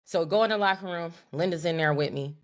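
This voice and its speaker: Young woman, podcast co-host, lower voice, casual profane storytelling. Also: fast talker. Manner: animated, profane, talks to her co-host as "girl".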